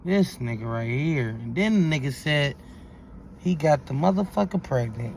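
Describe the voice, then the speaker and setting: A man's voice: a little high, expressive, moderate pace, gravelly, darkish tone, a little hiss or hum. A man hosting a reaction video, talking in incredulous, profane street slang. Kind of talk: reaction commentary.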